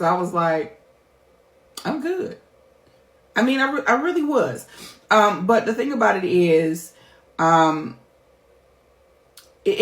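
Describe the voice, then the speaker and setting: A middle-aged woman, a life coach, talking candidly to her viewers in a heartfelt, emphatic, chatty way. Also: lowish voice. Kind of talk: candid personal vlog talk. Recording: roomy echo.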